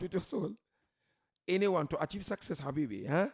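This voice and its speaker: A man preaching with a fairly high, gravelly voice that rises and falls widely. He swings from soft, pleading lines to loud shouted emphasis and keeps asking his listeners rhetorical questions. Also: animated, moderate pace. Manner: rhetorical questions, repeats key words. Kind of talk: sermon.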